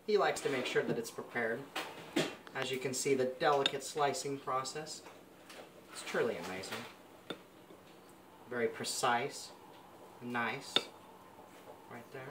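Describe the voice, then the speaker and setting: A man hosting a mock cooking show, gushing pompously over every dish as he works in a home kitchen. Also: a little high. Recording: noisy kitchen sound.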